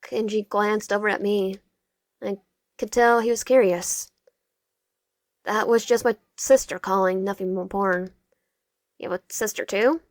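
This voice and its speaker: A woman reads through a dating game's narration, expressive and quick with sarcastic asides. Her voice sits in a middle pitch and sounds close and dry, with no room echo. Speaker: gamer. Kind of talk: reading a dating game aloud.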